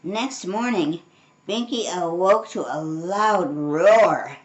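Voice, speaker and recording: An older woman reading a storybook aloud, gentle and unhurried, with friendly asides to young listeners. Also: on the low side, highs cut off. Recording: roomy echo.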